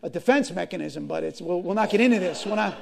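A man preaching a sermon to his congregation, impassioned, swinging from loud to hushed and repeating phrases. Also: sits high, fast talker, vocal fry. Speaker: pastor.

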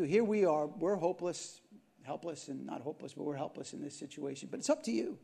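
A man's voice: fairly high pitch, expressive, brisk, creaky, mellow, breathy edge. A man preaching a sermon, retelling a story with asides and frequent questions to his listeners. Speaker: pastor.

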